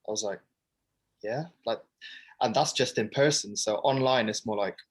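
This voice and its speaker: A young man speaks as a guest in a sports interview, frank and relaxed, scattering "like" through his sentences. His voice sits fairly low for a man. He comes across open and conversational rather than polished. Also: moderate pace, low-quality recording. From Great Britain. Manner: casual, frank, many "like" fillers.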